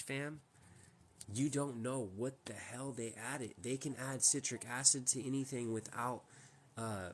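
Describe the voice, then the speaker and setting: A man's voice: mid-range voice, slight background noise. A man hosting a casual live stream from home, talking in a rambling, emphatic way with many restarts. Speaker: livestream host.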